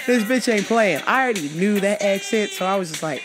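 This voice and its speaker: A woman in her thirties telling comedic travel stories to camera, animated, profane and often laughing. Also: mid-range voice, a little fast, hardly any pauses, faint music behind. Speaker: vlogger. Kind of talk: casual comedic storytelling.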